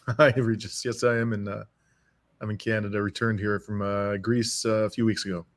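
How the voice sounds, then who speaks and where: A man's voice: lowish voice, level tone, moderate pace. A man speaking as a guest commentator over a video call, emphatic and given to repeating phrases for force. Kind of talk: remote interview. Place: home in Canada.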